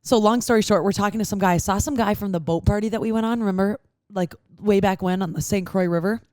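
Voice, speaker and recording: A woman's voice: mid-range voice, fast talker, dry recording, studio quality. A young woman, hosting a podcast and telling stories in casual chat, acting out other people's lines. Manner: animated storyteller, acts out other people's lines. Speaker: podcast host.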